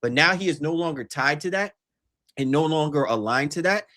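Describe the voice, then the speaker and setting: A man's voice: a little high, animated, brisk, bright, forceful tone. A man hosting a podcast, making long, emphatic arguments in casual sports chat. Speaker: podcast host.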